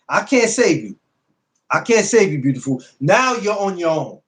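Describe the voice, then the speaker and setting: A man's voice: fairly high pitch, moderate pace. A man hosting a casual podcast livestream, talking bluntly and profanely and repeating himself a lot. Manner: repetitive, blunt, profane, animated. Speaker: podcast host.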